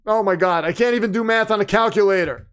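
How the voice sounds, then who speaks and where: A man's voice: sits high, quick pace, a bit bright, smooth. A man hosting a live stream, reacting to a football game and chatting with viewers, swinging into announcer-style hype. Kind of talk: casual live-stream commentary.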